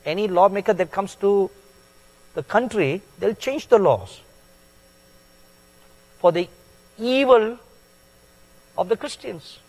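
A man preaching a sermon in a slow, deliberate way, stressing words with sudden loud peaks. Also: sits high, lively intonation. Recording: long hall reverb.

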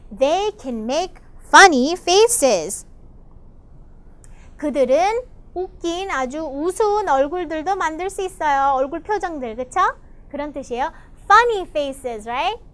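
Excited woman teaching kids a storybook, swoopy voice, gasps a lot. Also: high-pitched. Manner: enthusiastic, gasps often, explains in Korean. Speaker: English teacher reading a picture book. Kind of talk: bilingual storybook lesson for children.

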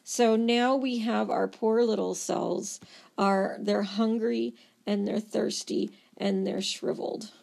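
A woman lecturing on body systems, telling the material as a playful, animated story. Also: mid-range voice, slow, gravelly. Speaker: nursing lecturer.

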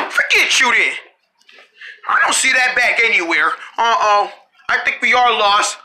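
A cartoon creator voicing every character in a family road-trip cartoon, with frequent shouting and screams. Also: mid-range voice, fairly quick, noisy background. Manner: shouting and screaming often, animated. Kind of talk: one-person cartoon dialogue.

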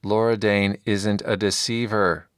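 Man doing an exasperated knight, pleading, pitched up, dry close recording. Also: flat delivery, unhurried, clear, resonant tone, no room sound, natural voice.

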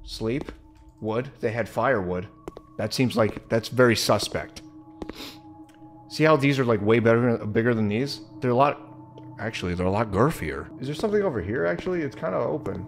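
A man's voice: mid-range voice, moderate pace, soft background music. A man hosting a let's-play video, giving joking, sarcastic commentary as he plays. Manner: animated, joking, sarcastic asides. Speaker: gaming video host.

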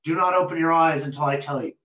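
A man voicing a mysterious unseen spirit who gives calm, measured commands in a told folk tale, recorded roomy and dull. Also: a little high, close to an everyday voice. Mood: commanding.

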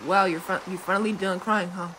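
A woman voicing Killua, a cool, easygoing and teasing teenage boy, in a fan role-play, speaking softly and calmly. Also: medium pitch, a little fast, slight background noise, close to an everyday voice. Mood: gentle.

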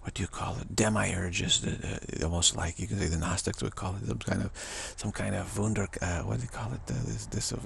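A man giving rambling spiritual commentary, chuckling and halting with many restarts. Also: low voice, fairly even intonation, gravelly, a bit bright, slight background noise.

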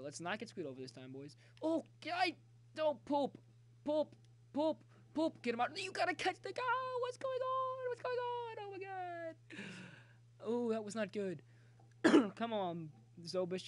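High-voiced excitable male game streamer. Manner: excitable, cheers and yells at the game; talkative, jokey banter with viewers. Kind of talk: live gameplay commentary.

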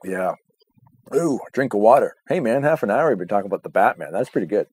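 A man's voice: fairly low pitch, animated, quick pace, a little mellow, breathy edge. A man co-hosting a casual chat, swearing a lot, laughing often and acting out his own reactions. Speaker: podcast co-host.

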